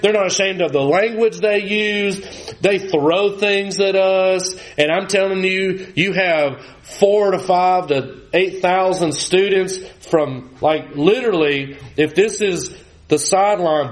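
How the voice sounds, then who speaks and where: Animated preacher in his forties. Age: 40s. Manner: animated, rising to high emphatic peaks and dropping low for scripture. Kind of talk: sermon.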